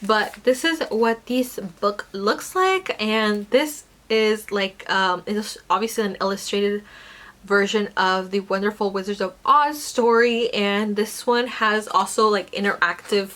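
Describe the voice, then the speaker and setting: A woman's voice: medium pitch, unhurried, a bit bright. A young woman chatting casually about her book haul, rambling with lots of fillers and self-corrections. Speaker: book vlogger.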